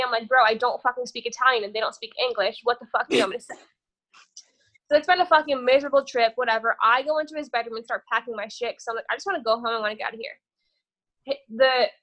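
A woman's voice: high-pitched, sharp tone. A young woman guesting on a podcast, telling a long dating story in a casual, rambling way, cursing freely and tossing in "whatever". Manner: profane, rambling, says "whatever" a lot.

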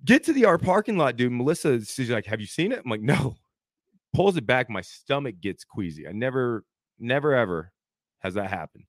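A man's voice: medium pitch, sing-song, a little fast, no echo, clean studio sound. A man in his thirties, a podcast co-host, telling a story in casual chat and acting out the quotes, saying "dude" a lot.

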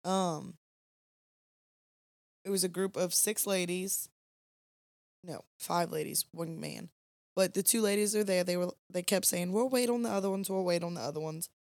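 A woman's voice: on the low side, steady tone, measured pace, pauses often, a little mellow, dry recording, clean studio sound. A young woman, co-hosting a podcast late at night and telling a long rambling story in casual chat. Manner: chatty, rambling, Southern "y'all" phrasing. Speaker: podcast co-host.

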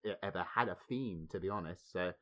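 A man co-hosting a film podcast, speaking in a measured way and chuckling often. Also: sits low. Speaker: podcast co-host. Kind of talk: casual film discussion.

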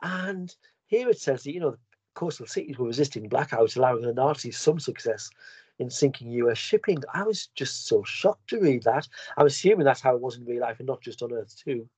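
A man's voice: medium pitch, expressive, brisk, a little mellow, slightly rough, dry recording. A British man, a guest on a comics podcast, talking in casual chat and repeating words as he restarts. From United Kingdom.

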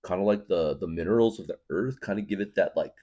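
Man doing a chill young clerk, rambling, filler-heavy, casual pitch. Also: fast talker, mellow, muffled recording. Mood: earnest.

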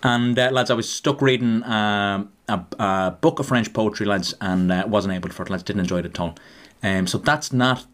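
A man's voice: fairly low pitch, moderate pace, fairly bright tone. A young Irish man in his twenties co-hosting a podcast, chatting casually and joking, calling his listeners "lads". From Ireland. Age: 20s. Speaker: podcast co-host. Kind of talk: casual chat.

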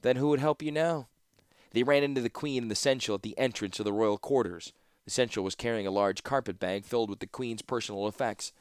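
Low-voiced man narrating a fantasy audiobook. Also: smooth, no echo, clean studio sound. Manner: steady, measured storytelling.

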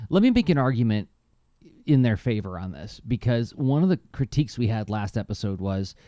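A middle-aged man talking casually as a podcast co-host, telling stories with lively enthusiasm. His voice is mellow and warm, and the sound is close and dry. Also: brisk, dry recording. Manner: animated, enthusiastic storyteller with lively pitch jumps. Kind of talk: casual chat.

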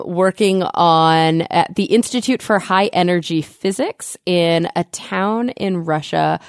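A woman's voice: fairly low pitch, no echo, studio quality. Chatty woman podcast co-host. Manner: chatty, animated storytelling with fillers. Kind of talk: casual science chat.

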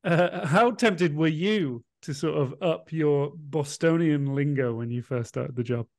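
A man's voice: fairly high pitch, unhurried. A man co-hosting a sports podcast, wry and a little hesitant. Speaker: podcast co-host. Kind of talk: casual podcast chat.

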